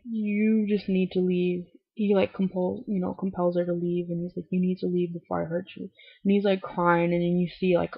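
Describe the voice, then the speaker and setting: A young woman with a gravelly, husky voice recaps an episode in loose, chatty bursts, packed with "like"s and free swearing, and she acts out lines in quotes. She sounds a little low on energy, as if unwell. The webcam mic makes it dull and lo-fi, close and dry with no echo.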